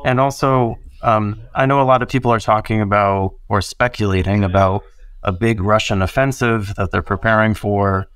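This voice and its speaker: A man's voice: lowish voice, steady tone, moderate pace, a bit bright, smooth, no room sound. A man co-hosting a casual podcast, explaining points earnestly with fillers. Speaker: podcast co-host.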